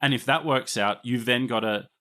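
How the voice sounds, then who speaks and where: An Australian man hosts a history podcast, telling the story at length in a chatty, easygoing way and laughing often. His voice sits in the middle range, moves at a moderate pace, and sounds pushed and bright.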